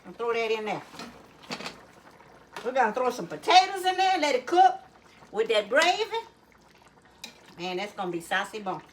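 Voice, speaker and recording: A woman's voice: fairly high pitch, big pitch swings, moderate pace, pauses often, slight background noise, poor audio. A woman with a Louisiana Cajun accent hosting a casual home cooking vlog, chatty and folksy, always telling viewers to look. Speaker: cooking channel host. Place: home kitchen.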